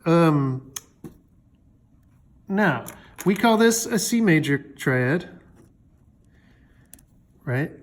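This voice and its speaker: A man with a slightly high voice teaches music theory in a relaxed, chatty manner, packed with fillers and little jokes, as though talking to a friend. His intonation is lively, he stretches out words, and he pauses often.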